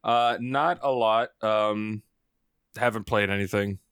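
A man chatting casually with friends, halting and starting over often. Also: fairly low pitch, fairly even intonation, fairly bright tone, slight background noise. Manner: halting, stammers and restarts. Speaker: podcast co-host. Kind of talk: casual chat.

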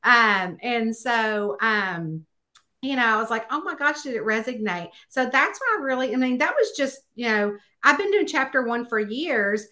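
A woman author chatting in a podcast interview, telling stories and acting out bits of dialogue with high, excited exclamations. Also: measured pace. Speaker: guest author.

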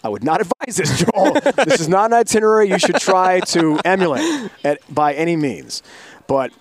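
A man's voice: high-pitched, sing-song, moderate pace. A middle-aged man, a sports broadcaster, telling a long travel story in an interview, acting out quoted voices and laughing often.

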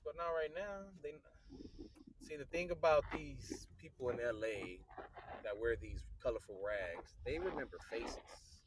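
Animated storytelling man, noisy room. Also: mid-range voice, a little slow. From Compton, California. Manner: animated, swearing, acts out other people's lines. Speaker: guest telling a story. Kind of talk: casual storytelling.

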